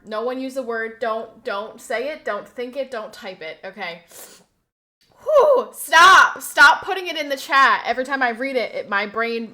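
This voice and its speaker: Her voice a little high, a young woman chats casually on a live stream, spilling gossip and responding animatedly to what viewers type.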